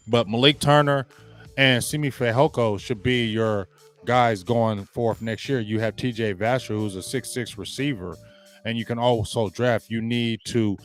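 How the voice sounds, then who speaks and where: A man hosting a live sports talk stream, loud and emphatic, ranting and greeting viewers in the chat. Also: lowish voice. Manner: trash-talking, loud and emphatic, greets chatters. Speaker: sports show host.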